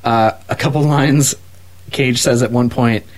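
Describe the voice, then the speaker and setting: A man's voice: medium pitch, steady tone. Guy on a podcast talking up a movie, lots of uhs, eager. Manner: enthusiastic, halting with fillers. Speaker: podcast co-host. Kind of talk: casual movie review chat.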